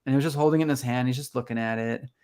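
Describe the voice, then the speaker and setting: A man's voice: medium pitch, rapid-fire, clear, resonant tone. A man, a conservation photographer, talking casually as an interview guest and acting out his own reactions while he tells stories. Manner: animated storyteller, acts out his own reactions.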